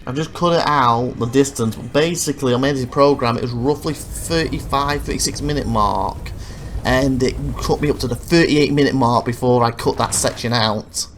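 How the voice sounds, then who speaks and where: Give me a man of average pitch talking through his game footage in a loose, rambling way, with faint game sounds in the background. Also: moderate pace, slight background noise. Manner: rambling, self-correcting, animated when retelling frustrations. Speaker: let's play host. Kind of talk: casual gameplay commentary.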